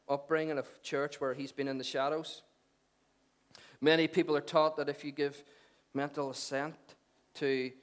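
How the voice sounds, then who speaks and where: A middle-aged pastor preaches in a conversational way, mixing jokes with earnest, emphatic points. His voice sits a little high for a man. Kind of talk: sermon.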